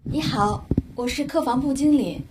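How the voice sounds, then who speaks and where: A woman's voice: high-pitched, normal speed, background noise, natural voice. A woman playing a polite female hotel manager in a scripted learner dialogue, courteous and apologetic.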